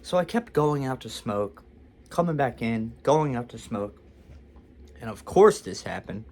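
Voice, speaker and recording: A man's voice: mid-range voice, expressive, unhurried, a little mellow. A man telling a storytime story to camera, rambling and self-deprecating with frequent restarts. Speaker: vlogger. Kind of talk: storytime monologue.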